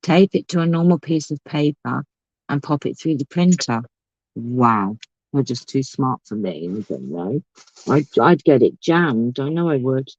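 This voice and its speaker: A woman's voice: a bass voice, lively intonation, unhurried, darkish tone, husky, no room sound, muffled recording. A woman hosting a casual crafting livestream, chatting and thinking aloud as she works. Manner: chatty, thinks aloud, talks to her pet. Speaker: craft channel host.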